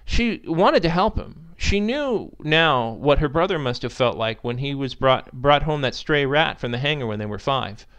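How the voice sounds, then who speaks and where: A man narrating a story in an expressive, animated reading style. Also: medium pitch, moderate pace, few pauses, smooth.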